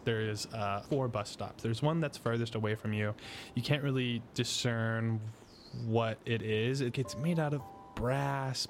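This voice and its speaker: A man narrating a tabletop role-playing game as game master, describing scenes in a relaxed way with frequent fillers. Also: mid-range voice.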